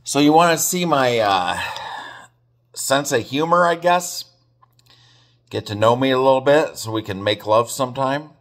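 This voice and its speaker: A man's voice: mid-range voice, animated, measured pace, pauses often, fairly bright tone. A man from Nebraska casually retelling his favorite jokes, rambling and chuckling at his own punchlines. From Nebraska, USA. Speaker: amateur joke teller. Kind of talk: casual joke retelling to camera.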